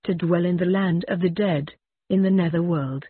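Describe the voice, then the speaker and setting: Frightened dying woman, anxious and pleading, voiced by the narrator, husky tone over a tinny line. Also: medium pitch, steady tone, normal speed, dry recording. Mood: fearful. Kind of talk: reading a ballad aloud.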